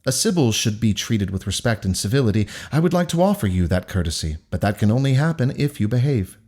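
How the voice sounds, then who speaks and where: A polished, quietly menacing male kidnapper who keeps every word courteous and controlled, as a man reads him out in a low voice. Each sentence is measured and formal, with a lively rise and fall. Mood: cold polite.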